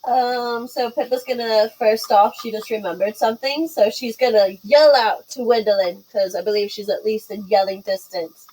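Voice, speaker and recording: A woman's voice: mid-range voice, fairly even intonation, normal speed, hardly any pauses, darkish tone, husky, poor audio. A woman playing a tabletop game, talking casually with fillers as she describes her character's moves. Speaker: player.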